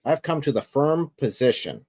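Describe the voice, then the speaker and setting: A man's voice: medium pitch, animated, moderate pace, darkish tone, husky, no room sound. A man co-hosting a live stream chat, making wry remarks.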